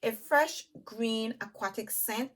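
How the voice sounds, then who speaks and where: A woman's voice: a little high, a bit bright. Chatty woman reviewing perfumes. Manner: chatty, enthusiastic, addresses viewers as "you guys"; lists notes while smelling, with pauses and restarts. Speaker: beauty vlogger.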